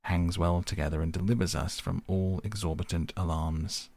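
A man voicing a reasoning middle-aged male lawyer who speaks in formal, deliberate Victorian diction. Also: low-pitched, steady tone, gravelly, a little mellow.

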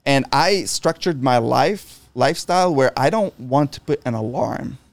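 A man's voice: medium pitch, lively intonation, normal speed, dry recording. A middle-aged man in casual chat, talking bluntly with lots of swearing and restarts. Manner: blunt and profane, frequent restarts.

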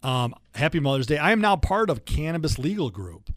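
A man hosting a talk-radio law show, his voice a bit higher than most men's. He rambles and restarts often, in a very dry, close sound. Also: brisk, dry recording. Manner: animated, rambling, frequent restarts. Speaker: radio show host and lawyer. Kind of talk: casual talk-radio chat.

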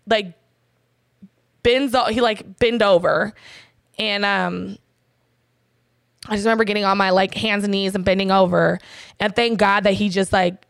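A woman's voice: mid-range voice, vocal fry, fairly bright tone, no echo, studio quality. A woman in an interview, candidly telling a personal story in blunt, profane talk full of fillers. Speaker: interview guest.

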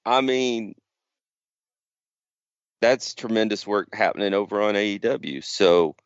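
A man's voice: fairly low pitch, unhurried, clean tone, dry recording, dull audio. A man co-hosting a podcast, casually rambling through a story. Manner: rambling storyteller, acts out quotes. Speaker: podcast co-host. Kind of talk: casual chat.

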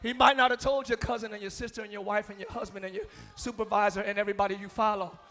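A man preaching a live sermon in church, shouting some lines and dropping low on others. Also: steady tone, quick pace. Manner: preaching with shouts and sudden drops to near-whispers. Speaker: pastor. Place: church sanctuary. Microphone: handheld or stage mic.

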